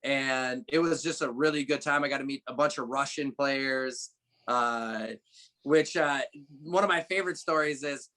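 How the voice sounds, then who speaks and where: A young man, a former college hockey player, telling stories in a relaxed podcast chat with many fillers and restarts. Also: mid-range voice, normal speed. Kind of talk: casual interview chat.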